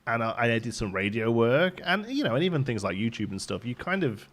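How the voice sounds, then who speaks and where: Thirtysomething midlands guy chatting away on a game stream, bit softened accent, lots of laughing. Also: mid-range voice, very animated, a little fast. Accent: softened Midlands English. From English Midlands. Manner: rambling, chatty, laughs often. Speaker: livestream host. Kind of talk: casual chat while streaming a game.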